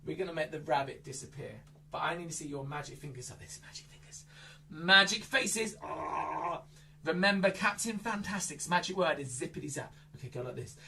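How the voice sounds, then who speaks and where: Lively children's entertainer, a man. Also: a little high, a little fast, creaky, distant mic, slight background noise. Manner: playful, with exaggerated squeals and shouts. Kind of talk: interactive kids' magic show.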